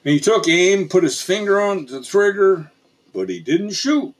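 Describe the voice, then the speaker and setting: A man narrating a frontier tall tale in a folksy, unhurried storytelling manner. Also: sits high, expressive.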